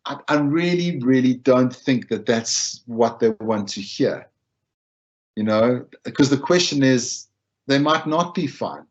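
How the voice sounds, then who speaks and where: A man's voice: mid-range voice, expressive, a little slow, lo-fi sound. A man giving an informal wellbeing talk on supporting others, conversational, often repeating himself and acting out what people say. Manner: conversational, repeats phrases, acts out quoted lines. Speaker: wellbeing speaker.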